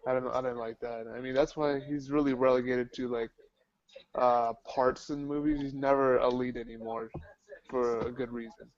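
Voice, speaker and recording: A man co-hosting a casual movie chat, weighing his opinions in a measured, hedging way. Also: mid-range voice, steady tone, darkish tone, no echo, dull audio. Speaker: co-host, film reviewer.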